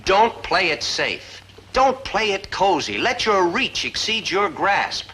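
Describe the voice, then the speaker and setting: An actor playing a weary middle-aged teacher, lecturing a student with dry sarcasm. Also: male voice, high-pitched, sing-song, takes it slowly, sharp tone, a little hiss or hum, heavily acted. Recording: old TV soundtrack.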